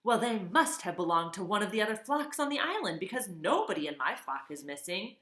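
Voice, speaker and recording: A woman's voice: mid-range voice, very animated, a little fast, fairly bright tone, reverberant. A woman voicing a fussy, stern old female goose who scolds and bosses. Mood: scolding. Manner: scolding, bossy.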